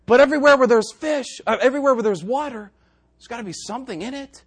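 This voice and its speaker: A man preaching a sermon to a congregation. He swings from quiet asides and dry jokes to loud, emphatic exhortation. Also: very high-pitched, quick pace, breathy edge.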